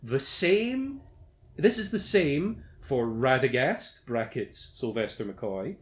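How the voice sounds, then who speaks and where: A man's voice: medium pitch, very animated, takes it slowly. A man hosting a casual movie commentary, reading out trivia with sardonic, sweary mock outrage. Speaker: podcast host reading film trivia.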